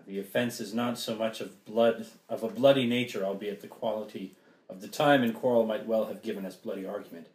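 A man reading a wary sea captain in an amateur play reading, measured and earnest. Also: on the low side, fairly even intonation, a little mellow, echoey room, natural voice. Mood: grave.

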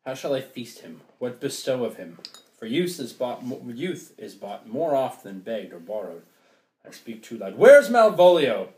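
A man's voice: very animated, moderate pace, darkish tone, roomy sound, close to an everyday voice. A man reading a flustered noble young lady in an amateur play reading, exclaiming in a raised voice. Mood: commanding. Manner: exclaiming, voice jumping up high.

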